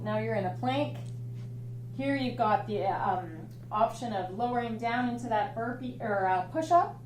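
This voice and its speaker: A woman fitness instructor giving clear step-by-step coaching cues for a home workout. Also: on the high side, measured pace, distant mic. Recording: roomy echo, off-mic, faint hum.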